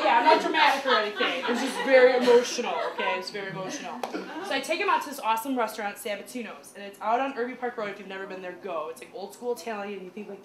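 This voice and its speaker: A woman doing stand-up storytelling in a small comedy club, chatty and animated, full of "like" fillers. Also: medium pitch. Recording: echoey club room with crowd noise.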